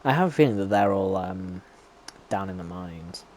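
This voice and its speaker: Deep-voiced and lively in intonation, this man narrates his own gameplay in a chatty, casual way at a moderate pace. He's a streamer, and the background is noisy.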